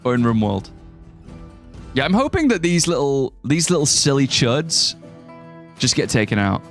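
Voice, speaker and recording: A young man talks through his live stream in a loose, rambling way, reading out viewer messages and joking as he goes. His pitch moves around a lot, lifting sharply when something surprises him. Quiet music plays faintly underneath. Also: sing-song, normal speed. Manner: chatty, rambling, reads chat aloud and jokes. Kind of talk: casual live-stream gameplay commentary.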